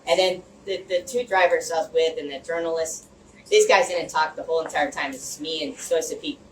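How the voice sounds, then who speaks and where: A man's voice: fairly high pitch, fairly quick. Man telling a rambling story in an echoey room. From Los Angeles area, United States. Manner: animated, rambling storyteller who restarts phrases and uses "like" and "you know" often. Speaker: speaker addressing a community group. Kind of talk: personal storytelling speech. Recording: echoey room, mic far off, faint hum.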